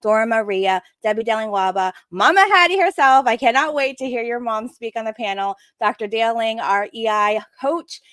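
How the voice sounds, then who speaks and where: A woman's voice: fairly high pitch, steady tone, moderate pace, few pauses, clean tone, no room sound. A woman co-hosting a casual live stream, enthusiastically running through a lineup of speakers. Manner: enthusiastic, gushing. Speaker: co-host.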